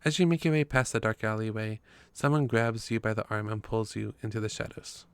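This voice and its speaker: A man's voice: on the low side, fairly even intonation, fairly quick, clear, resonant tone, no echo. A man reading a story game's text aloud in a casual way, with his own asides between passages. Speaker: game player narrating.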